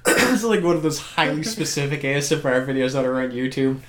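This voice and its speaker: A man chatting casually with friends, excitable and swearing often, quick to laugh. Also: mid-range voice. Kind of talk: casual crude chat among friends. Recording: echoey room.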